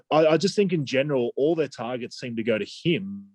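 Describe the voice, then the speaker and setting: A man's voice: mid-range voice, lively intonation, fairly quick, a little mellow, breathy edge, no echo. An Australian man co-hosting a fantasy football podcast, talking casually and hesitantly with frequent restarts. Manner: hesitant, many restarts and "I just think".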